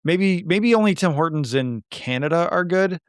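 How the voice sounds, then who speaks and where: A man's voice: fairly high pitch, expressive, moderate pace, clear, resonant tone, no echo, clean studio sound. A man with a Midwestern accent hosting a podcast, chatting casually and rambling a little. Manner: chatty, rambling, self-deprecating. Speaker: podcast host. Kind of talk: casual chat.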